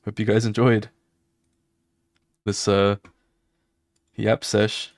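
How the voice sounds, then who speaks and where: Slangy young man, low dry voice. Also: slow, dry recording. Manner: slangy, animated, with spoken sound effects. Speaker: artist streamer. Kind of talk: casual storytelling while drawing.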